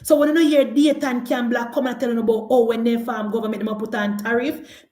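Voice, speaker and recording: A woman's voice: fairly high pitch, steady tone, fairly quick, warm tone, reverberant. A woman with a Jamaican accent giving emphatic, argumentative political commentary on a live call-in show.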